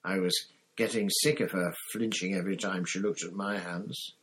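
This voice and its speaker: A man's voice: low voice, fairly even intonation, moderate pace, fairly bright tone. A man doing a puzzled, muttering schoolboy. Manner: muttering, matter-of-fact. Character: calm, puzzled teenage schoolboy wizard.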